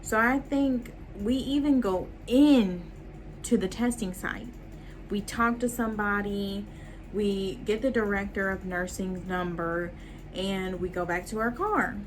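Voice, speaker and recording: A young adult woman vlogging a casual storytime and talking straight to her viewers in an animated way. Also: medium pitch, a little slow, slight background noise, poor audio.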